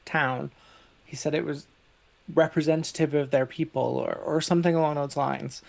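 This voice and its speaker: A podcast co-host who grew up in the UK, talking through a film in a measured, hesitant way. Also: mid-range voice, fairly even intonation, vocal fry, a little mellow. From United Kingdom. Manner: measured, thoughtful, hesitant with fillers. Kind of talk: casual movie review chat.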